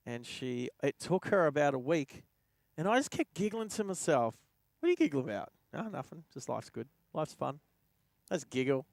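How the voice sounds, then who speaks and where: Gravelly Australian bloke telling a story. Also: male voice, on the high side, no room sound. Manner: rambling anecdote, chuckling to himself. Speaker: driving livestream host. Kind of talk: casual storytelling while driving. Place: inside a car.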